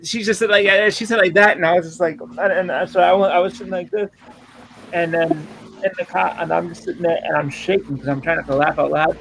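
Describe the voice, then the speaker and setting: A man's voice: high voice, steady tone, a little fast, creaky, fairly bright tone, low-quality recording. A man in his thirties and father of a young daughter, co-hosting a casual podcast chat and telling rambling stories full of restarts and acted-out quotes. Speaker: podcast co-host. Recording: faint background noise.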